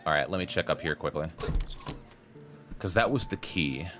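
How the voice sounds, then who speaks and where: Casting a low-voiced male game streamer, chatty and pun-loving, loose live commentary. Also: lively intonation, moderate pace, over music. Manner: chatty, rambling, fond of puns.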